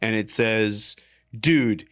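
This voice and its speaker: A man's voice: lowish voice, very slow, fairly bright tone, dry recording. A man co-hosting a podcast, telling a story in casual chat, full of fillers and swearing, and acting out the lines he quotes. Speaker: podcast co-host.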